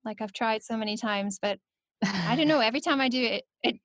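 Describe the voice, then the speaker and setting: A young Scottish woman chatting casually as an interview guest, giggling often and filling pauses with "um" and "like". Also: fairly high pitch, a bit bright, dry recording, studio quality. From Scotland. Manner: chatty, giggly, full of fillers.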